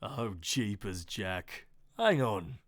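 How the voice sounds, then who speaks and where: A man voicing a brash, deep-voiced Australian man with a put-on Australian accent and a gruff, bossy manner. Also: very animated, drawn-out words, no room sound, clean studio sound, exaggerated voice.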